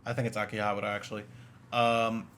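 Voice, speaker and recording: Over a little hiss or hum, a podcast co-host with a fairly low, slightly bright voice talks fast in a flat delivery. He riffs sarcastically on a movie during casual review banter, rambling with plenty of fillers and false starts.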